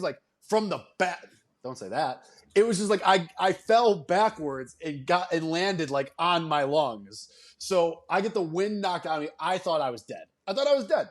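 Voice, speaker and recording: A male podcast co-host with a somewhat high-pitched voice. He chats casually and ribs his co-host with quick jokes. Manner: teasing, jokey banter. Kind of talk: casual sports-betting podcast chat.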